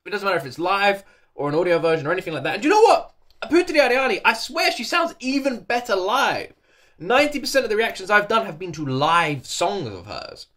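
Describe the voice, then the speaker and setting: A man's voice: sits high, sing-song, fairly quick, bright, forceful tone. A British man from England hosting a reaction video from his attic, tearful and gushing, repeating himself and laughing between words. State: tearful, voice thick with crying. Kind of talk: casual reaction commentary. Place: cold attic at home.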